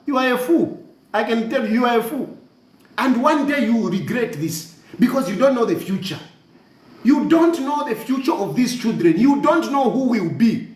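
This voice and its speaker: A man's voice: very high voice, very animated, moderate pace, reverberant. A man with a Zambian accent delivering an impassioned, mocking rant, repeating himself, switching between languages and laughing scornfully. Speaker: commentator. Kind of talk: impassioned social media rant.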